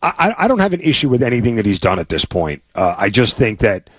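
A man's voice: mid-range voice, big pitch swings, fast talker, slightly rough, no echo. Guy cohosting sports radio, chatty and opinionated, dry studio mic. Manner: conversational, opinionated, frequent fillers and restarts. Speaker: radio sports show co-host. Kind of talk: casual sports talk radio debate.

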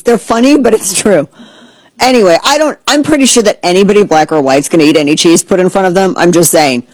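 A woman's voice: mid-range voice, darkish tone, no room sound, low-quality recording. Sarcastic lady host ranting, mid voice, super dry close mic. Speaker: podcast host. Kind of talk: casual opinion commentary.

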